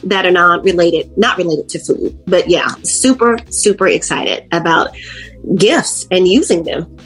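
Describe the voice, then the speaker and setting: A middle-aged woman tells her story as a guest in a relaxed interview. She is animated and acts out her own past lines as she goes. Her voice is a touch husky, with soft music in the background. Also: fairly low pitch, a little slow. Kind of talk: casual interview, personal story.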